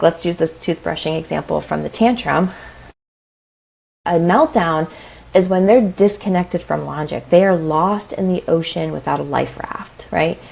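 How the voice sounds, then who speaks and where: A woman in her thirties, a parenting coach talking in a casual interview, chatty and animated, often saying "like" and "right?". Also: fairly low pitch, gravelly, low-quality recording.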